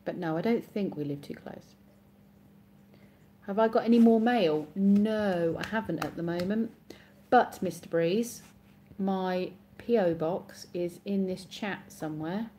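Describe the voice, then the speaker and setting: Reading viewer comments aloud on a live stream, an English-accented woman from Oxfordshire rambles casually and corrects herself as she responds. She sounds unhurried and mellow, with a voice on the low side and a little background hiss or hum.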